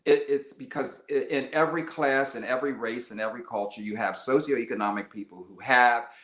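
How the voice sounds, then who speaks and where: In a conversational storytelling interview, an older American guest talks briskly in a bright, forceful voice of middle pitch. His delivery is lively and rambling, with restarts and asides, and the recording has a roomy echo.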